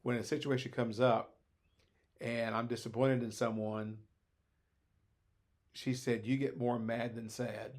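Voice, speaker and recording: An older man with a mid-range voice talks through his ideas as a podcast guest. He is thoughtful and unhurried, circling back with pauses and restarts as he explains himself. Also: mid-range voice, flat delivery, darkish tone. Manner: thoughtful, rambling, frequent hesitations. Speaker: guest, former teacher. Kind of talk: conversational podcast discussion.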